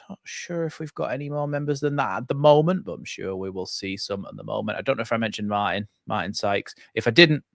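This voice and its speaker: Chatty male streamer, lowish voice, dry close desk mic, rambling and casual. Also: dry recording. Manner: chatty, rambling with fillers and restarts. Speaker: football fan channel host. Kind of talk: live watchalong chat. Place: home setup at a computer. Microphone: desk microphone.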